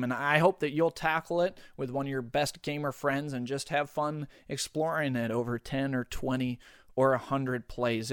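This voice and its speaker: A man's voice: mid-range voice, clear, resonant tone, no room sound, clean studio sound. A man hosting a podcast who talks in a friendly, earnest, thankful way. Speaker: podcast host. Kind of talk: casual podcast sign-off.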